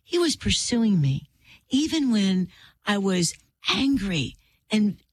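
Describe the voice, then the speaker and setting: A woman's voice: mid-range voice, very animated, slightly rough, no echo. Earnest middle-aged woman telling a faith story. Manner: earnest and heartfelt, drawn-out pauses, preacherly. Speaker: author and interview guest.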